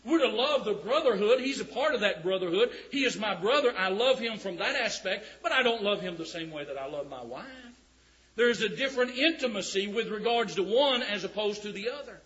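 Male preacher, emphatic drawn-out scripture reading, high bright voice. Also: animated. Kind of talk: sermon. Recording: dull lo-fi recording.

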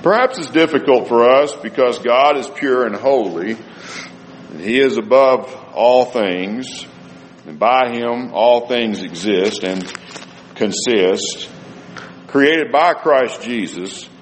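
A man's voice: medium pitch, slow pace, slight background noise. Man preaching in an echoing hall. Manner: reads scripture aloud, rising and falling emphasis. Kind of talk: sermon. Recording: reverberant hall with faint ambience.

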